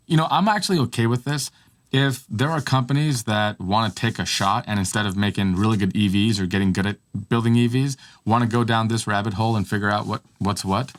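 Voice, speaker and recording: Low-voiced easygoing man co-hosting. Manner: easygoing, thinks aloud with restarts. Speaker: podcast co-host. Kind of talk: casual tech chat.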